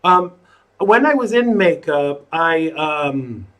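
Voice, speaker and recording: Slow, chatty man hosting a livestream. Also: on the high side, lively intonation, a bit bright. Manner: rambling, jokey, chatty asides. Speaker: host of a live online talk show. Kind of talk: casual livestream chat.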